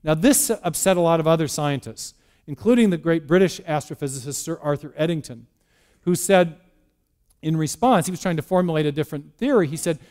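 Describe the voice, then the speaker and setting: A man's voice: a little high, expressive, brisk, darkish tone. A man giving a lecture on science and faith in a church, telling it as a story with restarts and rhetorical questions. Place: church hall.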